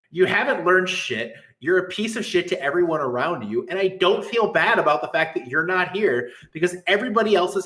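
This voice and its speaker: A man's voice: on the high side, bright, forceful tone. A middle-aged man, a guest tournament administrator, ranting in a heated, profane and sarcastic way on a podcast.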